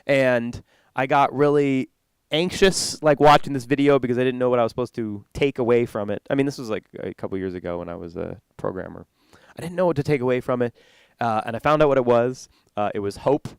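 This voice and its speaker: Rambling stand-up comedian man, smooth dry sound. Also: mid-range voice, fairly quick, dry recording. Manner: rambling, self-interrupting, laughs at own jokes. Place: conference stage.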